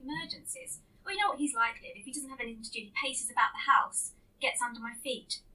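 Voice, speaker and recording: A woman voicing a chatty, wistful middle-aged mother who talks in a gently rambling, matter-of-fact way. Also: high-pitched, expressive, fast talker, far from the mic, heavily acted, poor audio.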